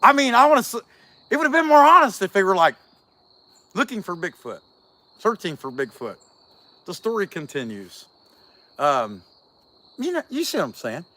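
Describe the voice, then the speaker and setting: A man's voice: high-pitched, very animated, normal speed, long pauses, sharp tone, no room sound. A man, a chainsaw carver, telling a long casual story in a folksy, chatty way full of fillers.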